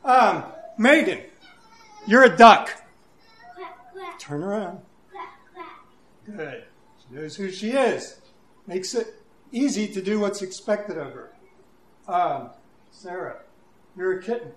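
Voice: medium pitch, lively intonation, slow pace, long pauses, fairly bright tone, distant mic. A preacher giving a conversational, playful sermon with a children's demonstration in a church hall. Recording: echoey hall with faint room noise.

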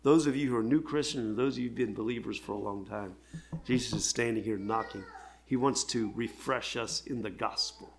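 An older man, a pastor, preaching an earnest, heartfelt sermon with pauses. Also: medium pitch, slight background noise.

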